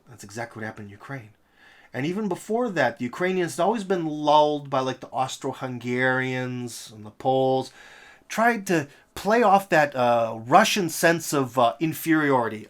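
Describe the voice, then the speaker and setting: A man hosting a political commentary monologue, talking in an emphatic, rhetorical way with sarcastic asides. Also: medium pitch. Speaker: host.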